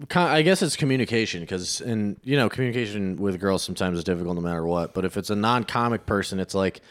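Lively ranting man. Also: fairly low pitch, quick pace. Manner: blunt, ranting, profane. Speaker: comedian podcast co-host. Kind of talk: casual banter.

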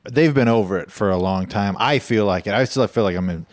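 Guest comic, man, low pitch, close dry mic, self-deprecating rambler. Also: brisk, no room sound. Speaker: guest comedian. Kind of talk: casual comedic chat.

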